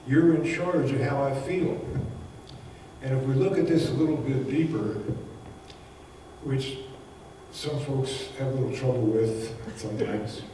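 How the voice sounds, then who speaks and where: A man speaks as a spiritual teacher at a middle pitch, telling homey stories and chuckling between points. His voice is picked up from a distance, so it rings out in a large hall with a long, echoing tail. A faint hiss of the room sits underneath. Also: unhurried, long pauses, dark tone. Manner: folksy, anecdotal, chuckles often. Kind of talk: conversational spiritual talk. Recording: echoey hall recorded from far off.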